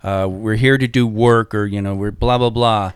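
A man in casual podcast chat, animated, telling stories and quoting movie lines. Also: fairly low pitch, normal speed, smooth, dry recording, studio quality.

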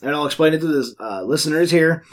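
A man's voice: fairly high pitch, animated, fast. A man hosting a casual podcast chat about tabletop gaming, playful and fond of puns. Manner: playful, punning.

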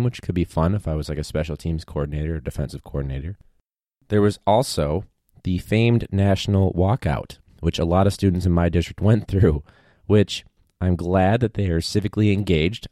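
A man who is a high school teacher, talking in a casual, rambling monologue with a wry tone and free swearing. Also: dark tone, no echo, clean studio sound.

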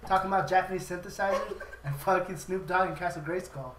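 A man's voice: high voice, fast talker, fairly bright tone, distant mic, slight background noise. A man chatting casually and profanely, rambling and laughing as he retells a movie. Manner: laughing often, rambling, acting out quoted lines. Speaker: podcast host retelling a movie. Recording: roomy, off-mic with crowd chatter.

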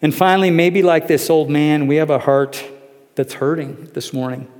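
A man's voice: a little high, level tone, moderate pace. Earnest male pastor in a reverberant hall. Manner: earnest, emotional storytelling that sinks to soft pleading. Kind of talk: sermon with a told story.

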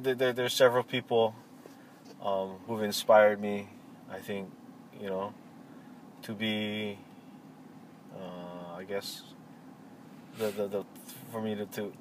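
Halting man. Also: fairly low pitch. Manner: halting, many fillers and restarts. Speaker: interviewee, cultural practitioner. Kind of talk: casual reflective interview. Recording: faint vehicle noise behind.

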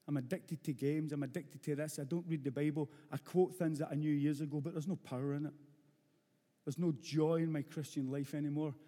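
Preaching with earnest bluntness, this middle-aged Glaswegian has a gravelly Scottish voice, a bit high for a man and dark in tone. Repeated phrases hammer his message in, while a lengthy hall reverb makes every word ring.

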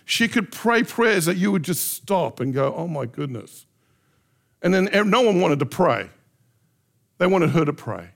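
A middle-aged pastor preaching a sermon with passion, acting out heartfelt prayers in changing voices. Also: male voice, sits high, very animated, a little slow, gravelly. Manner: impassioned, acts out prayers in shifting voices.

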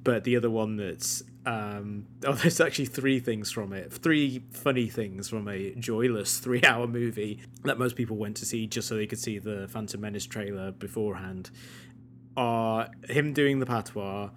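A man's voice: on the low side, normal speed, a bit bright. A man co-hosting a casual film chat with wry, dry humor and frequent chuckles. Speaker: podcast co-host. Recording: faint hum and noise.

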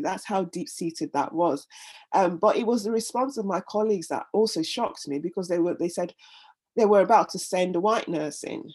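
A woman's voice: on the low side, moderate pace, a little mellow, breathy edge. A middle-aged woman, a guest in an interview, telling her own story in an earnest, heartfelt way, often repeating words as she gathers her thoughts. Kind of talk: candid personal interview.

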